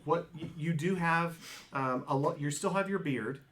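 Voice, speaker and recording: Halting male game master. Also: on the high side, fairly bright tone. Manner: halting, repeats words, many fillers. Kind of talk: narrating a tabletop game.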